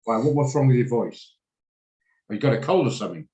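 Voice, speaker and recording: A man's voice: medium pitch, lively intonation, fairly quick, mellow, poor audio. Chatty man coaching a trading class. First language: English. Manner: chatty, rambling, laughs often. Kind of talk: live online trading class. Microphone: video call.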